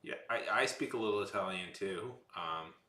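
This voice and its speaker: A man's voice: low voice, normal speed, bright, forceful tone, reverberant, a little hiss or hum. A man streaming while he draws, chatting casually with his viewers in a rambling, playful, joking way. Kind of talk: casual livestream chat.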